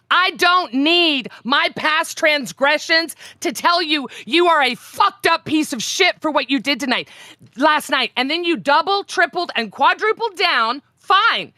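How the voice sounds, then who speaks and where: Bright, indignant woman with a dry sound. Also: high-pitched, expressive, a little slow, no echo. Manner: indignant, sarcastic, cursing. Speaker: stream guest. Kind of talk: heated argument.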